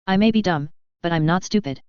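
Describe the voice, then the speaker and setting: Cheerful blunt alien busker, woman narrator voicing her, low smooth tone, dry close sound. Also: a little fast, darkish tone, no echo, muffled recording, natural voice. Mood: cheerfully blunt. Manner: polite but bluntly refusing.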